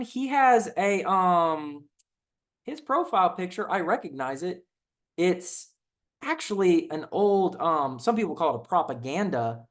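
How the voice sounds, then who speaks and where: A man's voice: on the high side, a bit bright. A young man with a Southern twang, chatting loosely as a video host, full of fillers and restarts while he reacts to comments. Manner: rambling, laid-back, many fillers and restarts. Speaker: channel host.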